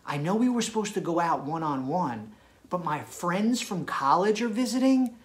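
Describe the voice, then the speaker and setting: A man putting on a breezy young woman who talks in a lilting, sing-song way, full of "like" and "kinda". Her voice is lifted a little higher than his own. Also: animated, normal speed. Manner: lilting, upspeak, valley-girl filler. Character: young woman making excuses, breezy and airy.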